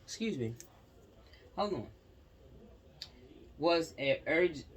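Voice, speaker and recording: A man from Newark, reading a news story aloud, tripping over words and breaking off into loud exclamations. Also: a little high, lively intonation, a little slow, pauses often, slight background noise, rough recording. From Newark, New Jersey. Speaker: YouTuber reacting to news.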